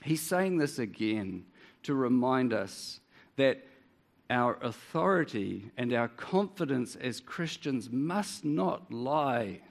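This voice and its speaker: Gravelly New Zealand preacher. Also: male voice, medium pitch, lively intonation, takes it slowly. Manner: earnest, rhetorical tag questions. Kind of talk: sermon.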